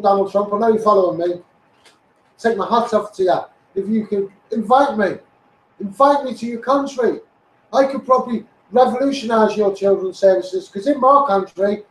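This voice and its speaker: Man, mixed Scouse and Essex accent, impassioned live-stream rant, high voice, roomy echo. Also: normal speed, far from the mic. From England. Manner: ranting, greets viewers by name, repeats himself. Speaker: campaigner live-streaming to followers.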